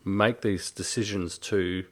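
A man in a podcast conversation, halting and searching for words. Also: low voice, steady tone, fairly bright tone.

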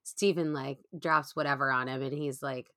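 A woman co-hosting a casual recap chat, excitable and laughing as she acts out lines. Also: a bass voice, moderate pace, no echo, clean studio sound. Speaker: podcast co-host.

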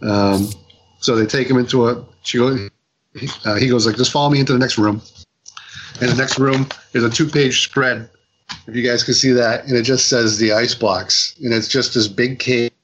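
A man on a casual podcast, retelling a comic's story with lots of ums, restarts and quick acted-out quotes. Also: medium pitch, steady tone, a bit bright, slight background noise, rough recording. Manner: rambling retelling with many fillers and restarts. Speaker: podcast co-host reviewing comics.

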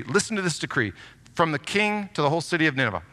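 A bright, forceful male preacher delivering a sermon in a church. He talks with animated emphasis, leaning hard into the scripture he reads aloud. His voice rings out with a long hall reverb behind it. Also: a little high, fast talker. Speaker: pastor. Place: church sanctuary.

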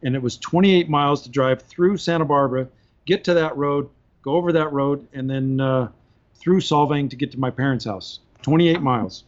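A man telling a story on a podcast in a casual, animated way, laughing between points, heard on slightly dull audio. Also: medium pitch, moderate pace. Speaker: podcast guest.

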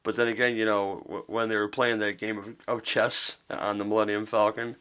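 A man's voice: on the low side, little pitch movement, normal speed, bright, forceful tone, clear, resonant tone. A man hosting a podcast, chatting casually, joking and swearing freely. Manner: joking, swears freely, quotes film lines. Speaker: podcast host. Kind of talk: casual chat.

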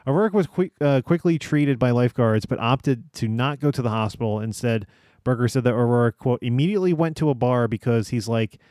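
A young adult man hosting a comedic podcast, reading odd news stories aloud with frequent "uh" pauses. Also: medium pitch, a little mellow, dry recording, clean studio sound. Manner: reads stories with frequent "uh" pauses, breaks into laughs.

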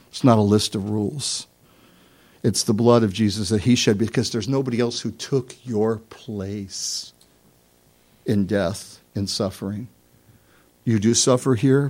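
A man, a pastor, giving a conversational sermon, telling stories and swinging from soft asides to emphatic points. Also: lowish voice.

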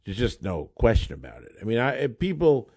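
Animated storytelling lawyer. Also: male voice, medium pitch, normal speed. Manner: animated, conversational, acts out dialogue. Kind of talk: storytelling monologue.

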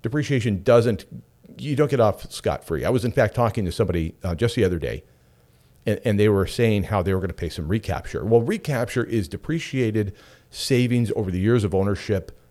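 A man's voice: on the low side, fairly quick. A middle-aged man hosting a radio show, talking casually and telling stories with frequent asides. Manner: animated, chatty storyteller with frequent asides. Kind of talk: casual talk radio monologue.

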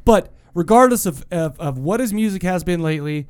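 A man hosting a podcast, his slightly high voice swooping up and down. He jokes in casual banter and moves the show along from topic to topic. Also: a little fast, clear, resonant tone. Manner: lively, jokey, runs the segments. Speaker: podcast host.

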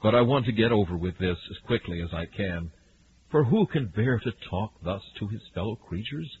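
A man preaching a fiery sermon, swinging from hushed warnings to loud cries. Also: lowish voice, expressive, moderate pace. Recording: narrow lo-fi radio broadcast with faint hiss.

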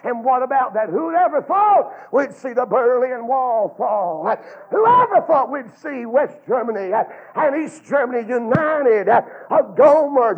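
A man preaching a fervent sermon, chanting his phrases with drawn-out "uh"s and building to shouts. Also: extremely high pitch, slightly rough. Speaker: Baptist preacher. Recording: tinny, phone-like lo-fi sound.

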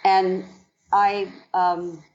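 Slow-speaking woman dancer in her sixties. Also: medium pitch, flat delivery. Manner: slow, reflective, halting with many fillers. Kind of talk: interview storytelling. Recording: dull lo-fi sound.

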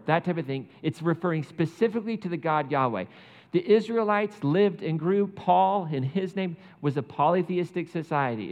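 A man giving a casual, conversational sermon, animated and chatty, laughing often and saying "like" a lot. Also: on the high side. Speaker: preacher. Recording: muffled sound with long hall reverb.

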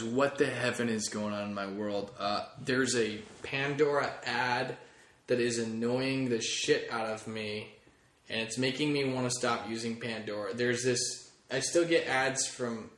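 In an echoey room, a man hosting a comedy podcast rambles through a chatty, casual monologue in a fairly bright, mid-range voice. He swears freely as he goes.

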